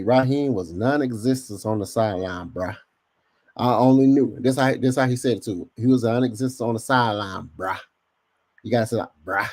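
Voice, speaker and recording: A man hosting a casual podcast livestream, talking in slang and speaking straight to his chat. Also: medium pitch. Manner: slangy, animated, addresses chat directly. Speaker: podcast host.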